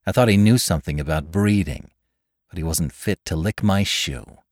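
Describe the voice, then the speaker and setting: A man's voice: sits low, normal speed, a little mellow, no echo, clean studio sound, lightly acted. A man reading aloud, voicing a bitter, scornful wife.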